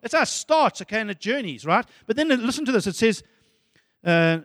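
A man preaching a sermon as pastor, animated and excitable, dropping to soft asides at times. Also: sits high, a little fast, no echo, studio quality, in a large hall.

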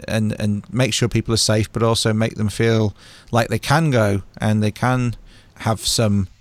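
A man's voice: fairly low pitch, vocal fry, dry recording. A man from the UK hosting a casual podcast interview, easygoing and affirming as he talks with his guest. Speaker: podcast host.

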